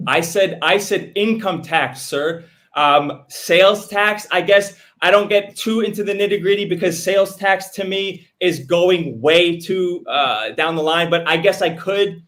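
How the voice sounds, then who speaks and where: High-pitched guy on a call-in show, fired up and arguing hard, keeps restarting. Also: a bit bright. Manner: argumentative, fired up, rapid restarts. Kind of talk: heated live call-in debate.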